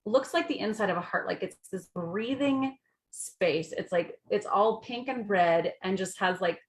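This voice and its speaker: Woman telling her own story, earnest and vivid, ordinary pitch. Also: a little slow, reverberant, slight background noise. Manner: earnest and descriptive, speaks in vivid images. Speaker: guest speaker, bereaved mother. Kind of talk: personal storytelling.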